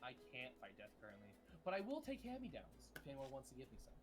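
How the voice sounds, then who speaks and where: A man's voice: medium pitch, wildly swooping pitch. A man playing a card game on a stream, explaining rules and teasing the other players. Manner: quick, rules-focused, teasing. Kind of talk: casual game-night banter. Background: faint music.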